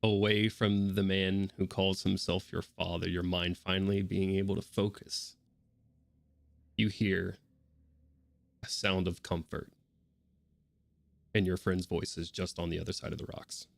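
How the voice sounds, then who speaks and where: Deep, animated male game master narrating a tabletop game, dry close sound. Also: gravelly, dry recording. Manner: descriptive, measured narration.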